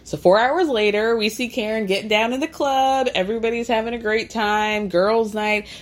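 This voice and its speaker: A woman's voice: fairly high pitch, normal speed. A woman casually recapping reality TV drama, acting out the quotes and swearing freely.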